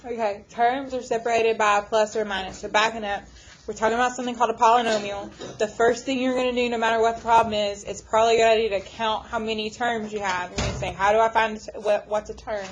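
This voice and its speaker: A woman math teacher lecturing her class, firing off quick questions to the students. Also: on the high side, little pitch movement, a little hiss or hum, poor audio.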